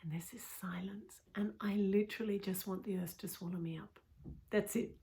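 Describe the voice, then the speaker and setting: A woman's voice: mid-range voice, fairly even intonation, normal speed, mellow. A middle-aged woman coach telling a personal story in an intimate way, with frequent "you know" asides and drops into a whisper.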